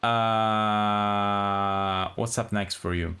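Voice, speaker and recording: A man's voice: on the low side, extremely slow, smooth. A man streaming with a friend, reading a visual novel aloud and chatting casually with many restarts. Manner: relaxed, hesitant, many restarts.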